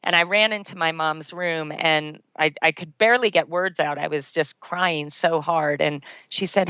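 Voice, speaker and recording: Low-voiced woman telling a personal story. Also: normal speed, hardly any pauses, smooth, dry recording. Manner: earnest, animated storyteller who laughs at herself. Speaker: podcast guest. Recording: dull, dry lo-fi podcast recording.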